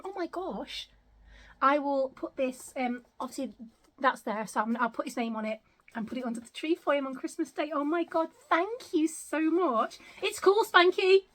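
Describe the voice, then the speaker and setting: High-voiced, gushing British woman vlogger. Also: a bit bright. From United Kingdom. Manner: gushing, grateful, repeatedly exclaiming. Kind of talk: casual unboxing vlog. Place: home, indoors.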